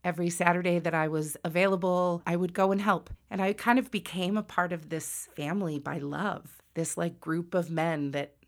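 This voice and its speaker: Woman, forties, from the US, personal storytelling, loud, lively, self-mocking. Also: fairly low pitch, moderate pace, few pauses. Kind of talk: personal story told to an audience.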